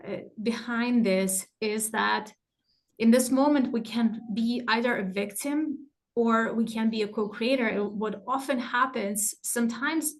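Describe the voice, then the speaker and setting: A middle-aged woman teaching a live online workshop, animated and laughing often as she acts out inner thoughts. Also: a little high, unhurried. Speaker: masterclass teacher.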